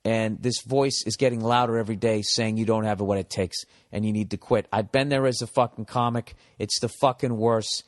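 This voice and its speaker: A man's voice: fairly low pitch, fairly even intonation, moderate pace, hardly any pauses, big-room sound. A man in his forties with a Boston accent, a comedian hosting a podcast who gives advice in a rambling, profane, blunt way that turns encouraging. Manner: profane, blunt, mock-harsh then encouraging. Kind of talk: rambling comic advice monologue.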